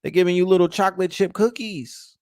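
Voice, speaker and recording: A man's voice: high voice, fairly even intonation, brisk, a little mellow, dry recording, clean studio sound. Heated, profane man ranting. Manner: repeats and restarts words when fired up. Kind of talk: casual rant.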